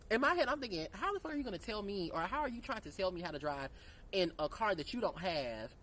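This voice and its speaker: A woman's voice: medium pitch, racing, soft background music, poor audio. A young woman vlogger telling a casual, candid storytime, swearing freely and acting out the dialogue. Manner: candid, profane, animated retelling with quoted dialogue.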